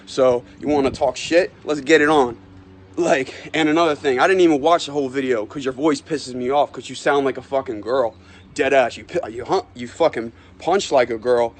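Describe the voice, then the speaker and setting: A man's voice: mid-range voice, moderate pace. A man, an amateur fighter, making a profane and boastful callout of his rival. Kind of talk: trash-talk callout video.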